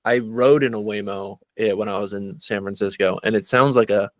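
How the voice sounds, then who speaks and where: A man in casual podcast chat, talking in a relaxed, halting way with many filler words. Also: on the low side, no room sound. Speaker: podcast co-host.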